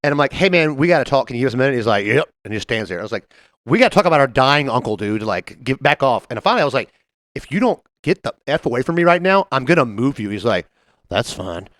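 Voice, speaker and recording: A man co-hosting a podcast, telling a story in casual chat, animated and laughing often as he acts out the people in it. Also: mid-range voice, fast, dry recording, studio quality. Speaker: podcast co-host.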